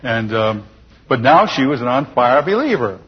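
Husky older man telling his story. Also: mid-range voice, normal speed. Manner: chuckling, lively storyteller. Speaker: speaker giving a personal testimony. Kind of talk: storytelling testimony to an audience. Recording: dull lo-fi recording with long hall reverb.

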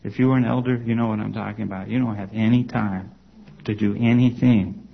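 A former congregation elder tells his personal testimony to an audience in a conversational, storytelling style, full of "you know" and "okay?" asides. His voice is on the low side, creaky and slightly rough, with a lo-fi sound.

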